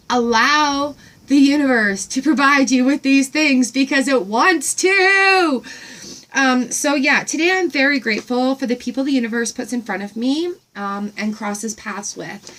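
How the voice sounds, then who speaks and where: Chatty excited woman vlogging. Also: on the high side. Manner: excited, rambling, filler-heavy. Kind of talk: casual gratitude vlog.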